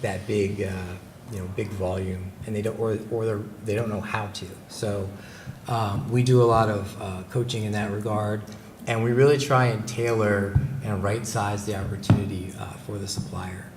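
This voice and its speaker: A presenter for a company's supplier outreach, a man, gives a formal talk at a public meeting. His voice sits on the low side, stays fairly level in pitch, and moves at a moderate pace, often stumbling with fillers and restarts. A table mic captures him in an echoey room with background noise.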